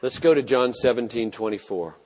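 A man preaching a sermon with passion, swinging from loud emphatic repetitions to hushed, low phrases. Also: fairly quick. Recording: long hall reverb.

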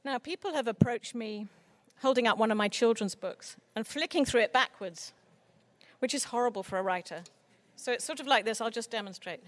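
A woman who writes children's books, giving an earnest, expressive talk on writing for children. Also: fairly high pitch, fairly quick, no room sound. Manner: earnest, expressive speaker with mock voices for quoted people. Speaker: children's author. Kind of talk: conference talk.

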